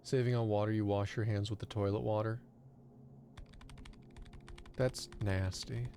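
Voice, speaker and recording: A man's voice: lowish voice, little pitch movement, a little slow, mellow, a little hiss or hum. A man streaming a horror game live, chatting and mocking the player character with casual swearing. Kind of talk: live gameplay commentary.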